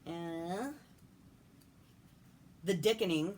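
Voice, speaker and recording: Low-pitched woman co-host, relaxed matter-of-fact delivery, loose casual banter. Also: drawn-out words, slight background noise. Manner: laid-back, lists items matter-of-factly. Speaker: podcast co-host and author. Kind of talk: casual chat.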